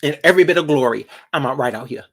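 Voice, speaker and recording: Sassy, dramatic man ranting to viewers. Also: a little high. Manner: sassy and dramatic, drawn-out emphasis. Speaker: vlogger. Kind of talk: casual commentary to viewers.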